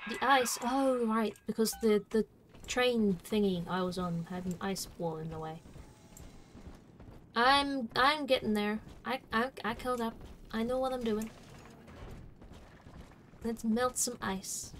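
High-voiced, playful woman streamer. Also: measured pace, pauses often, a bit bright, a little hiss or hum. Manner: playful, chatty, talks to herself. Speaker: game streamer. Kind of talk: gameplay commentary. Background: game music.

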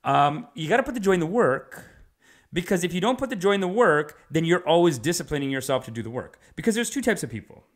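Rambling comedian with an animated delivery. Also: male voice, a little high, quick pace. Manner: animated, digressive, casual swearing. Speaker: stand-up comedian.

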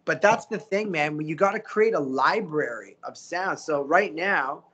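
A middle-aged voice actor chatting as a guest, animated and motivational, often acting out the quotes he tells. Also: on the high side, moderate pace, husky. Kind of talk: casual interview chat.

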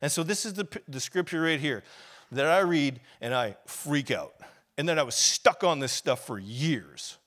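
A man's voice: fairly high pitch, animated, moderate pace. Fervent storytelling pastor, a man. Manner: storytelling, grows loud and fervent, acts out quoted shouts; casual and confessional, with laughs and sighs. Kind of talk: sermon.

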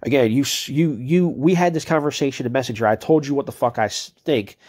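A man delivers a ranting commentary in a dark, mellow voice. He sounds exasperated and sarcastic and swears freely. His pitch sits in an ordinary middle range. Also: brisk. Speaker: commentator reading out a chat exchange.

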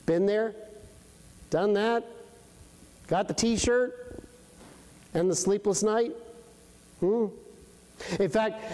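A man preaching a sermon, telling a story and slowing down for emphasis, sometimes asking the congregation questions. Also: extremely high pitch. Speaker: pastor. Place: church sanctuary. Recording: long reverberant church hall.

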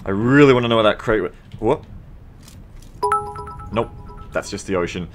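An Australian man live-streaming a game, bantering with his viewers in a profane, sarcastic and animated way. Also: lowish voice, moderate pace, pauses often, faint music behind.

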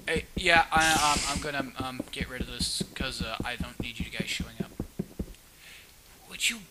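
A man playing a video game and commenting, excitable, often shrieking and yelling at monsters. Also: fairly high pitch. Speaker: let's player. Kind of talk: casual gaming commentary.

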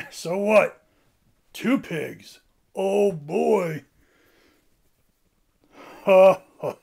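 A woman voicing a boastful, excitable male bird leader in a toy play-acting video, loud and giggly. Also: medium pitch, drawn-out words, vocal fry, exaggerated voice. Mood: giddy boasting.

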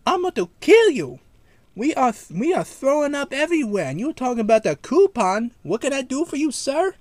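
A man's voice: steady tone, moderate pace, a little mellow, no echo, natural voice. A man voicing an enraged older man prank caller with an Indian accent who screams in fury. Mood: furious. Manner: screaming in fury, voice cracking high.

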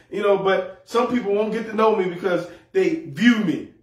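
A man's voice: high-pitched, normal speed, few pauses. A man preaching a sermon as pastor, humorous and folksy, repeating words as he goes. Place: church sanctuary. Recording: echoey hall, mic far off.

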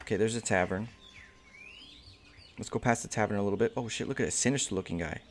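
A man casually commentating his own game playthrough, excited, slangy, and swearing freely. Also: fairly low pitch, quick pace. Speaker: gamer. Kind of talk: casual let's play commentary.

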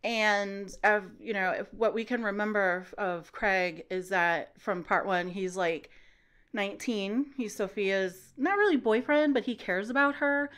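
A woman hosting a casual book-recap podcast, talking loosely with many fillers and acting out the characters' lines in quick put-on voices. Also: mid-range voice, a bit bright, smooth.

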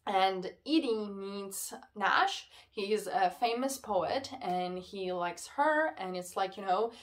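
A woman talks through her month's reading in a loose, chatty vlog review. She gets worked up and rants, with "like" scattered all through her talk. Her voice sits at an ordinary middle pitch. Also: slow, hardly any pauses. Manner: excitable, ranting, heavy use of "like". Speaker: book reviewer. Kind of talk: casual book wrap-up vlog.

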